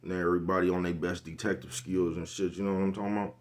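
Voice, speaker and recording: A man's voice: sits low, little pitch movement, fast. A man vlogging a casual, rambling monologue, blunt and profane, forever checking "you know what I'm talking about.". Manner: blunt, profane street slang.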